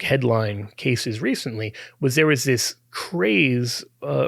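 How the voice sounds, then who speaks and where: A man with a mid-pitched, gravelly voice talks through an argument as a podcast host. He speaks conversationally, restarting phrases and chuckling now and then. The sound is dry, with no room echo. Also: a bit bright. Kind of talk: apologetics talk.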